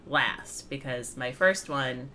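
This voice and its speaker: Very deep and pushed-bright, this woman's voice takes things slowly over slight background noise. She co-hosts a podcast, reviewing a comic in casual, rambling chatter and laughing easily.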